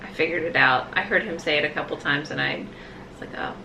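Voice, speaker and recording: A woman's voice: low voice, fast, gravelly, bright, forceful tone, slight background noise, rough recording. A woman from the American South with a faint Southern accent, co-hosting a vlog in easygoing, dry banter. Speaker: vlog co-host. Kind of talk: casual chat.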